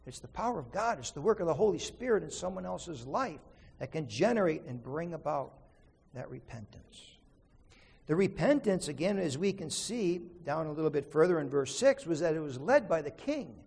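A man's voice: fairly high pitch, big pitch swings, moderate pace, vocal fry, a little mellow, breathy edge, long reverb tail. A man preaching an earnest sermon, telling a story and then teaching from scripture with emphasis. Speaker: pastor.

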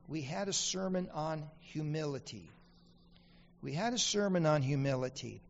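High-voiced pastor preaching in a reverberant hall. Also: male voice, gravelly, muffled recording. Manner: asks the congregation questions, repeats lines for emphasis. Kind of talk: sermon. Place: church sanctuary.

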